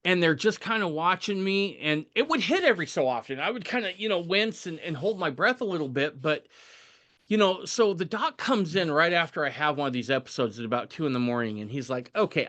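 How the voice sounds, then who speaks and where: Bright-toned male podcast host. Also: a little high, a little fast. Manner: animated, often tags sentences with "right?". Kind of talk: casual storytelling.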